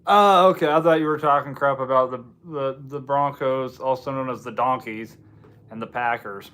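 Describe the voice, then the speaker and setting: A man's voice: mid-range voice, flat delivery, moderate pace, fairly bright tone. A man hosting a casual livestream, chatting with viewers in a rambling, self-deprecating way. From United States. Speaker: livestream host. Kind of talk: casual live chat with viewers.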